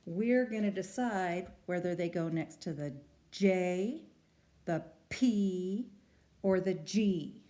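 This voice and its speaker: A woman's voice: on the low side, slow pace, dark tone. A woman teacher leading a phonics lesson for young children, patiently sounding out letters and words. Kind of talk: early-learning phonics lesson.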